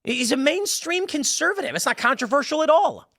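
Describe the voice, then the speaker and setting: A man's voice: very high voice, lively intonation, brisk, a bit bright, dry recording. A man hosting opinionated political commentary in a combative, sarcastic manner from a small studio.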